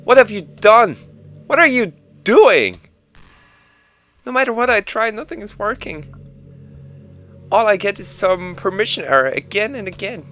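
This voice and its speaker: A man's voice: high-pitched, moderate pace, faint music behind, voice pushed up. Monika, a man voicing a heartbroken schoolgirl. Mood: distressed. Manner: pleading, soft and hurt. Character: sad pleading young woman game character.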